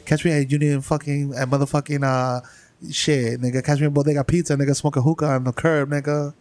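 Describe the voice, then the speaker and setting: A New man co-hosting a studio comedy podcast, his voice sitting a little high. He talks with cocky swagger and rattles off profane, boastful riffs. Faint music plays behind him. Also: little pitch movement, fast talker, darkish tone. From the Bronx, New York. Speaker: podcast co-host. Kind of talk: riffing comedy podcast banter.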